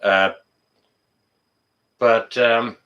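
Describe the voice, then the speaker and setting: A man's voice: medium pitch, steady tone, very slow, sharp tone, muffled recording. A man hosting a casual live stream, answering chat in a blunt, joking way and swearing freely.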